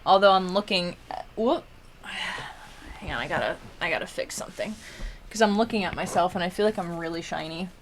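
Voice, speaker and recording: A woman's voice: on the low side, moderate pace, a little hiss or hum. A tired young woman chats with her stream while editing photos at her desk. She giggles often and drifts into a Valley Girl lilt, filling her talk with "like.".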